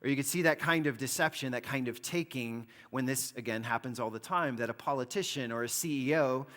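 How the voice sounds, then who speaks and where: A man's voice: medium pitch, fairly quick, a bit bright. A man preaching a sermon as pastor, explaining in a conversational way and often saying "like". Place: church hall. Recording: long reverb of a church hall.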